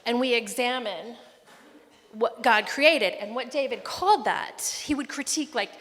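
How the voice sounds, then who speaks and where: A woman's voice: fairly high pitch, a little slow, fairly bright tone. A middle-aged woman, mother of the groom, giving an emotional, rambling wedding speech with a family story. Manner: emotional, rambling, fighting back tears. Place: wedding reception hall. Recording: long hall reverb.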